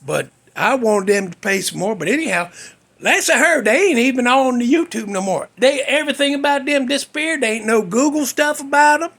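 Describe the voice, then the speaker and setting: A man's voice: extremely high pitch, expressive, fairly quick, creaky, a bit bright. A male podcast host telling a story in a casual, folksy, rambling way, cussing freely.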